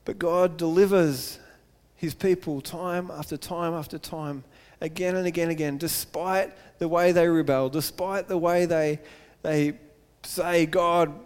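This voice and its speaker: High-voiced preacher man in a reverberant hall. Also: a little slow, clear, resonant tone. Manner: earnest, builds to excited emphasis, repeats phrases. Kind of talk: sermon.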